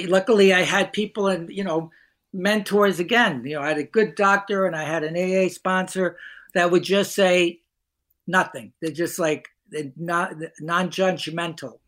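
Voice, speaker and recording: A man speaking as a guest actor in a candid podcast conversation, halting and earnest, often repeating his words. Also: high-pitched, a bit bright.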